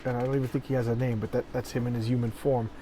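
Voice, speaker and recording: A man of middling pitch talks loosely through a comic, tripping over his words and circling back as he retells each panel. He records in a warm room, and a faint hum of a fan sits underneath. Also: flat delivery, rapid-fire, low-quality recording. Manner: rambling, repeats words, paraphrases the panels. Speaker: comic book reviewer. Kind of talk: casual comic walkthrough. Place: hot room with a noisy fan. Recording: faint fan noise behind.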